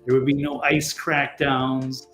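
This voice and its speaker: A man's voice: mid-range voice, level tone, slow pace, fairly bright tone, soft background music. Blunt, exasperated man in an echoey room. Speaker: guest. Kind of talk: political talk show chat.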